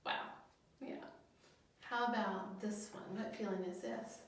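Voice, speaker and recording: A woman school counselor teaching young children in a video lesson, speaking gently, asking them questions and pausing for their answers. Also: medium pitch, steady tone. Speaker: elementary school guidance counselor. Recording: very echoey room, voice from a distance, faint noise.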